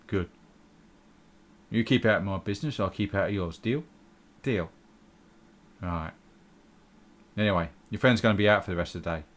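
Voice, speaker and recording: A man voicing a gruff middle-aged village drinker who is blunt and wary, in a tabletop game. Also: deep voice, normal speed, long pauses, natural voice. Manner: blunt, wary, plain-spoken.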